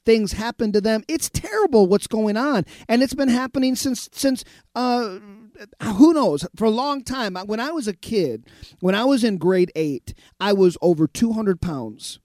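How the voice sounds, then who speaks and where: A man's voice: high voice, expressive, measured pace, a little mellow, no room sound, studio quality. A man who pastors a radio show, preaching emphatically and reading out listener messages. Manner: emphatic preaching, repeats phrases.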